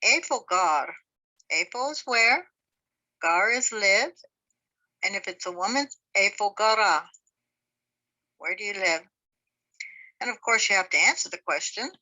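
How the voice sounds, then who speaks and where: A woman's voice: mid-range voice, animated, moderate pace, pauses often, pushed and bright, low-quality recording. A woman teaching a beginners' language class, patiently sounding out words syllable by syllable. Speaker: Hebrew teacher. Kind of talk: slow spoken language lesson.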